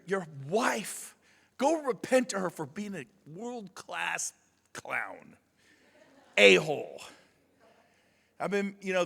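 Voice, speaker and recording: Man on stage, high bright voice, gravelly edge, long hall reverb. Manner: shouting, emphatic, swings from loud to quiet. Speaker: conference speaker. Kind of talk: motivational speech. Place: large conference room.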